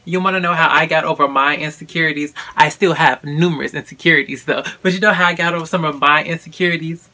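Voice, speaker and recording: A young man talking casually to camera, sassy and animated, calling the viewer sis and girl. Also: a little high, fast talker, hardly any pauses. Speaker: vlogger.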